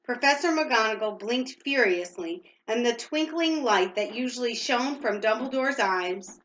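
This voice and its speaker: A woman's voice: a little high, animated, unhurried, a bit bright, echoey room, a little hiss or hum, poor audio. Woman reading a storybook aloud at home. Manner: reads steadily, stops to ask questions. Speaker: parent reading to a child.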